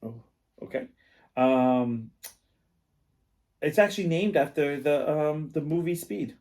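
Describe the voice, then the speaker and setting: A man's voice: a little high, lively intonation, takes it slowly, darkish tone. A man co-hosting a casual comedy podcast, joking and laughing as he reads out strange place names. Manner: jokey, laughs often, reads place names with crude puns. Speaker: podcast co-host.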